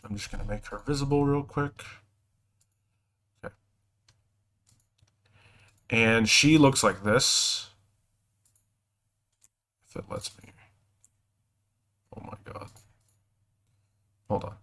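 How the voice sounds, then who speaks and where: A man's voice: medium pitch, slow pace, long pauses, pushed and bright, low-quality recording. A man narrating as game master, hesitant and full of fillers and self-corrections.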